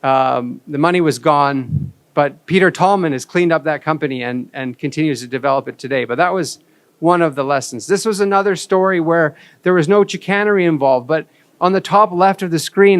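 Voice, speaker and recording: A man speaks from a conference stage with a fairly high, smooth voice. He tells his story candidly and with self-deprecation. The sound is dry and close. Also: a little fast, no room sound. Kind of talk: storytelling keynote talk.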